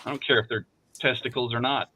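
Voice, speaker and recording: A man's voice: mid-range voice, steady tone, fast talker, pushed and bright. A middle-aged man from Northeast Iowa, chatting and joking casually. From Northeast Iowa, USA. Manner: joking, chatty, laughs often. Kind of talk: casual chat on a group video stream. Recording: dull lo-fi stream audio with faint noise.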